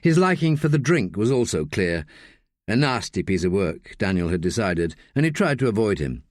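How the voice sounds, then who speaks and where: A man narrating an audiobook with an expressive, varied delivery on a close studio mic. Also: fairly low pitch, normal speed, no echo.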